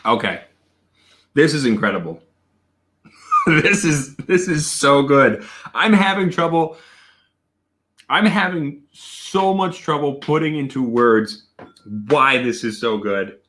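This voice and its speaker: A man hosts a casual livestream tasting, his voice bright and ringing and his pitch swinging widely as he reacts. He talks slowly, lingering over his words, and breaks into excited, profane exclamations between answers to his viewers. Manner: reads and answers viewer chat. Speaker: whiskey reviewer and host.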